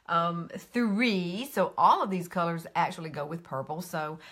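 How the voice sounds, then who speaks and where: A friendly woman in her fifties with a drawl talks her way through a casual live makeup tutorial. She rambles cheerfully and greets viewers by name, jumping up into a high sing-song for each hello. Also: a little slow, a bit bright, husky. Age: 50s. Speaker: makeup vlogger hosting a live stream.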